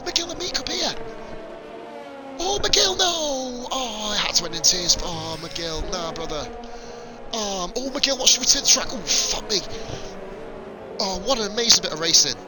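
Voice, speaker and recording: Excitable man commentating racing. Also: high voice, normal speed, over music, poor audio. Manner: excitable, swears often, laughs. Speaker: esports race commentator. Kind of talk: live sim racing commentary.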